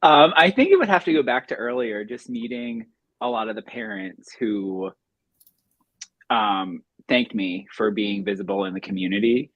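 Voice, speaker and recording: A man appearing as a drag performer guest, speaking thoughtfully and measured with frequent pauses. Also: lowish voice, fairly bright tone, dry recording, dull audio. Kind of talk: casual chat.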